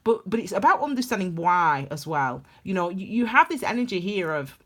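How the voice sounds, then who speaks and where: A woman's voice: fairly low pitch, sing-song, a little fast. A woman giving a casual tarot reading, rambling and emphatic with lots of restarts. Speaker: tarot reader.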